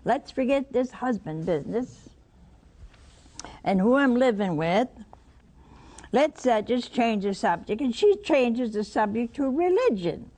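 A woman's voice: fairly high pitch, big pitch swings, measured pace, mellow. A woman preaching a sermon, telling a Bible story and putting rhetorical questions to her listeners.

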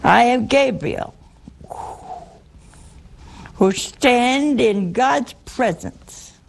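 A woman preacher voicing a stern, commanding male archangel in solemn, slow pronouncements. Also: on the high side, animated, vocal fry, slight background noise, full character voice.

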